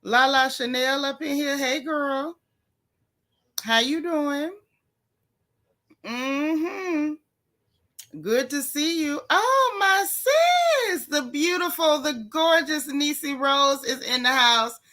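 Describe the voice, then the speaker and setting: A woman hosting a casual livestream, greeting viewers one by one in a lively, chatty way with slang. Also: high-pitched, takes it slowly, long pauses. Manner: lively, chatty, Southern Black American slang. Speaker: livestream host.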